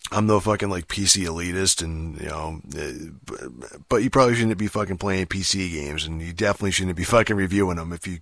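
A man's voice: deep voice, fairly bright tone, dry recording. A man ranting casually about gaming, profane and rambling, full of fillers and restarts. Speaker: gaming commentator. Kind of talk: casual rant.

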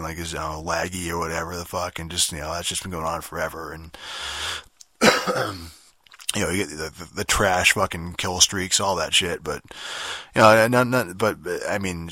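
Man, young adult, deep voice, crisp bright tone, dry close sound, rambling profane game review. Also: no room sound. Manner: rambling, profane, frequent fillers and restarts. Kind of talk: casual spoken game review rant.

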